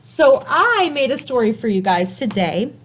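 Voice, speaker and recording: A woman teaching a recorded writing lesson to young children, talking slowly and in an animated, sing-song way, with questions to the class. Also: a little high, background noise. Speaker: kindergarten teacher.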